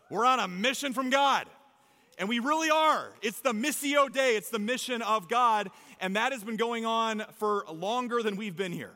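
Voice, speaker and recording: Man, pastor, sermon, lively emphatic delivery, church stage, reverberant hall. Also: high-pitched. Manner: energetic, playful, emphatic preaching. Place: church stage before a congregation. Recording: long reverb of a large hall.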